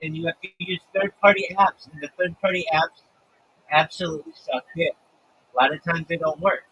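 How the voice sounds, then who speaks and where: A man's voice: on the high side, steady tone, brisk, pushed and bright, dull audio, a little hiss or hum. A man talking casually on his livestream, ranting and swearing freely. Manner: profane, ranting.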